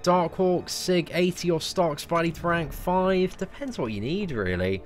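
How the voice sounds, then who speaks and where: A young English man talking through a game live stream in a loose, chatty way. He jokes at his own expense and fills his talk with "mate" and "like". Faint music plays quietly behind him. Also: on the high side, animated, a little slow. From England. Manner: chatty, self-mocking, lots of "like" and "mate". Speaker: gaming streamer. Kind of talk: casual live-stream chat answering viewers.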